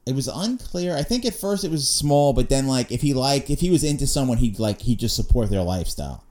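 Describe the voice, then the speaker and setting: Young man, podcast co-host, fast talker, mellow dark tone, dry rambling chat. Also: mid-range voice, lively intonation. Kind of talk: casual chat.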